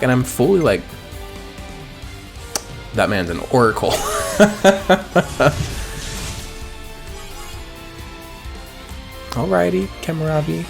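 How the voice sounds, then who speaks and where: A man casually commenting on a video game, rambling with crude jokes. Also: medium pitch. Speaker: let's player. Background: game music.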